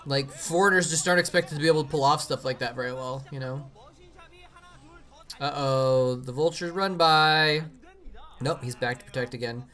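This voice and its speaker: A man's voice: a little high, normal speed, a bit bright. A man casually commenting on an old match during a live stream, rambling with many fillers and restarts.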